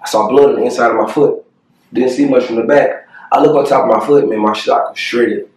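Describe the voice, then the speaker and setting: A young man telling a painful personal story to the camera, earnest and halting, with many fillers and pauses. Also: medium pitch, fairly even intonation, a little mellow, distant mic. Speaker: family vlogger. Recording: echoey room, voice a bit off-mic.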